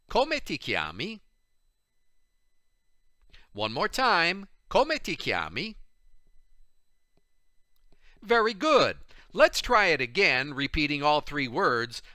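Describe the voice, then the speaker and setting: A man leads repeat-after-me drills in a video language lesson, animated and encouraging, with exaggerated intonation. His voice is a little high and he takes it slowly.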